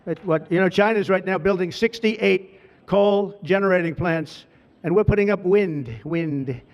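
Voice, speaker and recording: An American politician gives an ad-libbed speech to a crowd at a large outdoor ceremony at an official residence, rambling, digressing, and repeating lavish praise. His voice is high-pitched and a little slow. The public-address sound is dull and reverberant.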